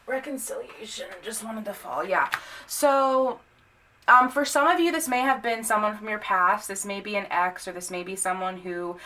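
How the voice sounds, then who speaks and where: A young woman talks through a tarot reading in a loose, conversational way, full of ums and restarts. Her voice is bright and clear, and she gets blunt and sweary when something bothers her. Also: medium pitch, normal speed, slight background noise. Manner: chatty, many fillers, blunt and swearing when annoyed. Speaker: tarot reader. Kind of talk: casual tarot reading to camera.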